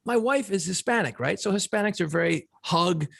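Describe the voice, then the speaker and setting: A man's voice: high-pitched, expressive, a little fast, creaky, fairly bright tone. A man from the northeastern United States co-hosting a podcast, bantering loosely and laughing, with lots of swearing. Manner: laughing, profane banter, chimes in often. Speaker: podcast co-host. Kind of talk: casual podcast chat.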